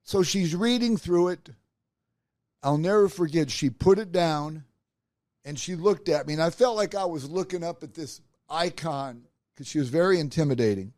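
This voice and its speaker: A man's voice: a little high, normal speed, no echo, clean studio sound. A middle-aged man, a podcast host, telling a personal career story and acting out the voices of the people in it. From Nebraska. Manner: animated, acts out quoted voices.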